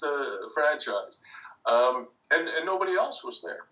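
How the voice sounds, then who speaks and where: An older man, a podcast guest telling a long anecdote in an animated way, acting out other people's lines. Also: medium pitch, moderate pace, distant mic, lo-fi sound. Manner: animated, acts out quoted voices. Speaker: interview guest. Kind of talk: storytelling anecdote.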